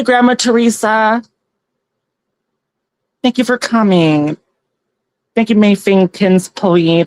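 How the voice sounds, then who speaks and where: A woman's voice: lowish voice, dry recording. A woman hosting a casual tarot livestream on her phone, chatty and giggly, thanking viewers by name as she reads their comments. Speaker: tarot reader and livestream host.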